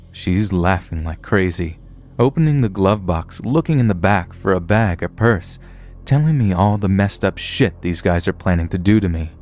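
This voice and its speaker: Deep-voiced man narrating horror stories. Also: darkish tone. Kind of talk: scripted horror story narration.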